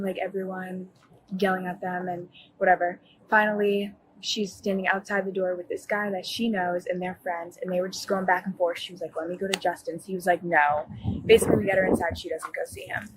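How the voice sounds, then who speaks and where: Caught on a bodycam, a young adult woman, a college student, tells a police officer what happened. Her fairly low voice rambles, heavy with fillers and self-corrections, and the poor audio carries slight background noise.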